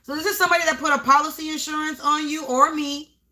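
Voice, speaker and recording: A woman gives a spiritual reading to the camera. Her voice sits high and sounds bright and forward. She talks in emphatic, repeating bursts and sometimes yells. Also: steady tone, quick pace. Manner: emphatic, repetitive, breaks into yelling. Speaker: spiritual reader. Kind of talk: live tarot-style energy reading.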